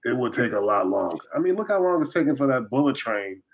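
A man's voice: mid-range voice, big pitch swings, fast talker, rough recording. A man co-hosting a podcast in casual chat, emphatic and jokey, with plenty of swearing. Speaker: podcast co-host.

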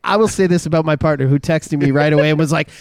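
A man's voice: a little high, quick pace, darkish tone, smooth, no echo, studio quality. A man co-hosting a casual podcast chat, telling stories with lots of fillers and restarts. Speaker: co-host.

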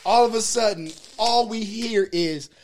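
A man's voice: high-pitched, measured pace, a little mellow. A man telling a story in casual chat with friends, loose and slangy, often laughing as he talks.

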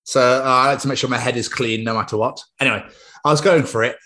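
A man's voice: medium pitch, fast. Rambling podcast guy. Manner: rambling, animated storytelling with swearing. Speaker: podcast co-host. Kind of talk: casual chat.

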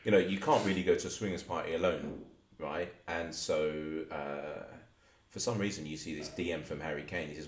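A man's voice: deep voice, animated, a little fast. A man hosting a podcast, telling a rambling, jokey story in a casual chat. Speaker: podcast host. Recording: roomy echo with faint noise.

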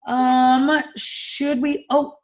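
A woman's voice: high-pitched, little pitch movement, drawn-out words. A young woman from California co-hosting a podcast, chatting casually, laughing often and swearing freely. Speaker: podcast co-host. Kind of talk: casual chat.

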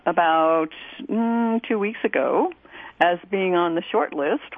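Slow, low-voiced woman on a tinny line. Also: dry recording. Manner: measured, deliberate reading. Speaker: radio host. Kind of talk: poetry reading and music introduction.

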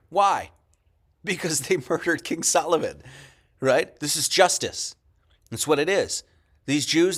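A man's voice: fairly high pitch, a bit bright. A man giving casual lecture commentary over a video he plays, asking rhetorical questions and answering them himself. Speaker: host commenting on a played video.

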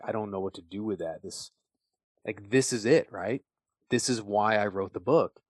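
A middle-aged man hosting a podcast, telling a personal story in an earnest, animated way with frequent fillers. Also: lowish voice, no room sound. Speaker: podcast host.

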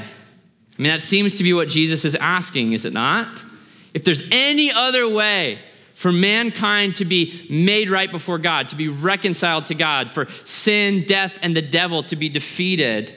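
A man's voice: sits high, lively intonation, normal speed, pushed and bright, big-room sound. A man preaching a sermon as a pastor, earnest and growing impassioned, asking the congregation rhetorical questions.

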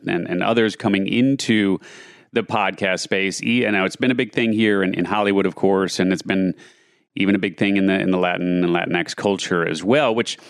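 Man, very deep voice, podcast co-host, chatty, energetic, frequent restarts, dry close sound. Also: smooth, dry recording. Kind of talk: industry news podcast chat.

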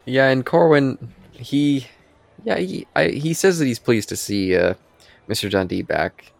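A man's voice: mid-range voice, animated, a little slow, vocal fry, no echo. A man co-hosting a podcast, chatting casually about a TV episode and retelling scenes with quoted lines and frequent laughs. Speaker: podcast co-host. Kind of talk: casual chat reviewing a TV episode.

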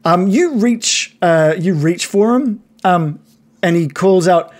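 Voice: mid-range voice, expressive, slow, darkish tone. A game master narrating a tabletop game, hesitant and full of ums.

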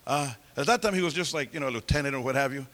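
A man telling his life story as a testimony in a sermon, animated and acting out the voices of people he quotes. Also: mid-range voice, racing. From California. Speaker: preacher giving testimony.

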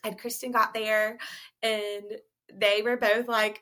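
A young woman, a guest on a relaxed podcast interview, tells her story slowly in a medium-pitched voice. She's animated, giggling and laughing throughout.

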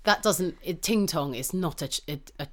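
A woman's voice: lowish voice, moderate pace. A woman co-hosting a podcast, talking heatedly and swearing freely as she makes her points. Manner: swears freely, passionate and animated. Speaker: podcast co-host. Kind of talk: heated casual conversation.

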